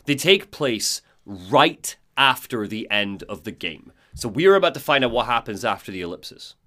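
A man's voice: medium pitch, big pitch swings, moderate pace, bright, forceful tone. A man hosting a casual podcast, recapping video game lore and reading out quotes in different voices. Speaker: podcast host.

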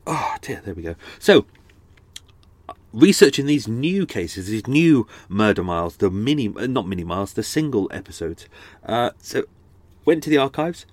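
A lower-pitched man talks into a close microphone, and the sound is dry with no room echo. He rambles casually through his podcast with plenty of asides and restarts. A slightly blocked nose colours his voice. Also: very animated, moderate pace. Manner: chatty and meandering, frequent restarts and asides. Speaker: podcast host. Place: on a houseboat. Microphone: studio microphone close up.

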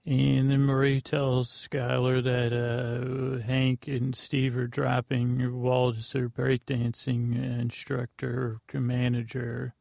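A man with a heavily gravelly, creaky voice talks through a recap of an episode. His pitch barely moves, so he sounds like an even drone. He rambles offhand and often corrects himself mid-sentence, and his voice sits close and dry on the mic. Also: no echo. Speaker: podcast host.

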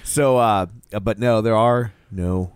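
A man's voice: lowish voice, unhurried, clear, resonant tone, dry recording. A man hosting a casual movie podcast, joking and laughing often with his co-hosts. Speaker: podcast host.

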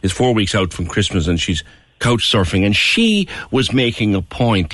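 Deep-voiced radio host. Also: male voice, big pitch swings, moderate pace, fairly bright tone, dry recording, studio quality. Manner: earnest, repeats phrases for emphasis. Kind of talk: radio phone-in talk. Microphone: studio microphone.

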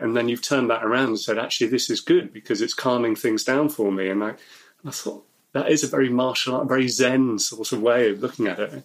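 A man's voice: mid-range voice, brisk. A man hosting a conversational interview, affirming and thoughtful as he reflects back. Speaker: host.

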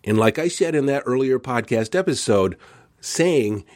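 A man's voice: mid-range voice, expressive, normal speed, darkish tone. Earnest male self-help podcast host. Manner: earnest, repeats phrases with emphatic tonality.

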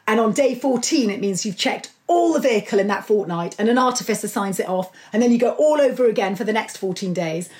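A middle-aged woman being interviewed about her book, telling stories with lively enthusiasm. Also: medium pitch. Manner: enthusiastic, animated storytelling. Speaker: author and guest. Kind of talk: conversational interview.

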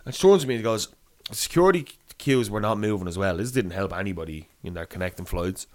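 A man's voice: on the low side, animated, quick pace. A young man telling a long, rambling anecdote in casual chat, swearing and laughing as he goes. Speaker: storyteller.

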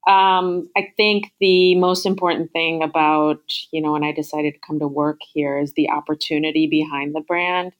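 A woman's voice: low-pitched, steady tone, normal speed, hardly any pauses, muffled recording. A woman being interviewed as a chief marketing officer, talking in an upbeat, thoughtful way with frequent fillers and restarts. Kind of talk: business interview.

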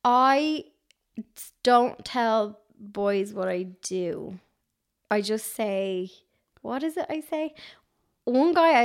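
Dublin woman, higher voice, giggly and chatty, laughs at herself. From Ireland. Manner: giggly, chatty, self-mocking storyteller. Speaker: guest, craft blogger. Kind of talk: casual podcast chat.

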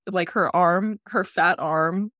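A woman's voice: fairly low pitch, steady tone, slow pace, a bit bright, no room sound. Giggly woman podcast cohost, says like a lot, dry mic. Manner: giggly, rambling with many "like"s. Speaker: podcast co-host. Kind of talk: casual chat.

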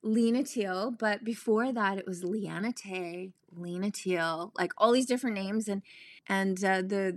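A woman actress telling stories as a podcast guest, animated and laughing, acting out the voices of people she quotes. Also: mid-range voice, no room sound, clean studio sound. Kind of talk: casual storytelling interview.

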